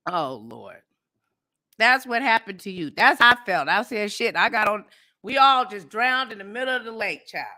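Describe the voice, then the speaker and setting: A woman hosting a casual livestream, telling stories and commenting in a blunt, profane, animated way. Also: fairly high pitch, slow, long pauses. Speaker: livestream host.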